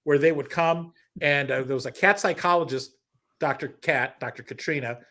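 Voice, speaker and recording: A middle-aged man, a comedian guest, telling a story in casual chat, animated, with many restarts and quoted asides. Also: on the high side, moderate pace.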